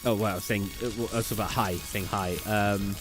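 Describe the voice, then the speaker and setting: A man's voice: fairly low pitch, fairly even intonation, moderate pace, soft background music. Chatty British man streaming. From Britain. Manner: rambling, chatty, stumbles over place names. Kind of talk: casual chat while live gaming.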